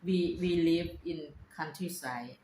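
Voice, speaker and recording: A woman's voice: sits low, slow pace, dark tone, echoey room, slight background noise, poor audio. A Thai woman with a Thai accent who speaks simple English and chimes in with short prompts. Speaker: vlogger wife. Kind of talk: casual chat.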